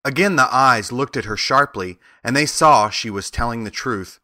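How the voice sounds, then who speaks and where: Male narrator for a children's audiobook; bright tone, steady, measured delivery. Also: mid-range voice.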